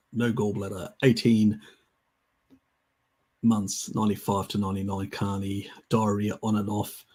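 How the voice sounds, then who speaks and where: A man's voice: lowish voice, dark tone, breathy edge. A man hosting a livestream, answering viewer questions in a chatty, rambling way. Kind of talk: casual livestream Q&A.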